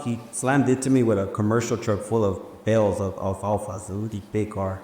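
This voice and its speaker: A man casually telling a personal story at a live event, animated and slangy, acting out the dialogue. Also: lowish voice, brisk, few pauses. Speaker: speaker sharing a personal story. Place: large room before a live audience. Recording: echoey hall with faint ambience.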